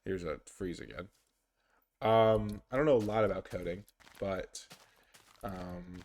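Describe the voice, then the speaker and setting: A man talks over his gameplay in an unhurried, drawn-out way. His voice sits on the lower side, and he rambles, trails off and restarts with plenty of fillers. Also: darkish tone. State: sleepy, yawning. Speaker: gaming YouTuber. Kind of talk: casual gameplay commentary.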